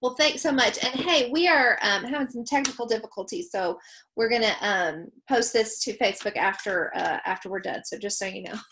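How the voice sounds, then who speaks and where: A woman's voice: a little high, a little fast, sharp tone, a little hiss or hum. A woman co-hosting a webinar from home over a video call, upbeat and chatty, with frequent ums and laughs. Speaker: webinar co-host. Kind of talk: casual presentation.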